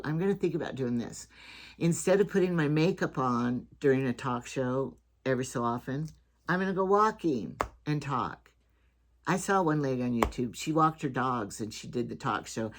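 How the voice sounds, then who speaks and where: Older woman, home talk show host, chatty, rambling monologue. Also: rumbling low. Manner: rambling and chatty, trails off and restarts. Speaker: vlogger host.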